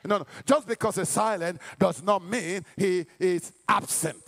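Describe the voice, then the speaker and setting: Impassioned high-voiced male pastor preaching. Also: unhurried, gravelly, few pauses. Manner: impassioned preaching, shouting and half-singing. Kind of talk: sermon.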